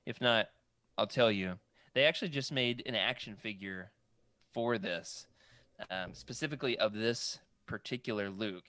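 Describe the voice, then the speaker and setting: A man's voice: on the low side, moderate pace, pushed and bright, dry recording. A man co-hosting a casual chat, rambling and correcting himself as he stumbles over names. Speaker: podcast co-host. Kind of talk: casual chat about comic art books.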